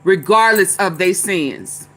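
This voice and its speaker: A woman's voice: lowish voice, lively intonation, takes it slowly, fairly bright tone. A woman vlogger giving casual, chatty political commentary, laughing often and chanting refrains.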